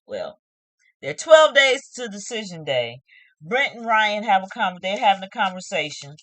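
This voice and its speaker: Animated, opinionated woman vlogger. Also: medium pitch, normal speed, no echo. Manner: animated, opinionated, talks straight to viewers. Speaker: host of a TV review channel. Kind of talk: casual reality-TV recap vlog.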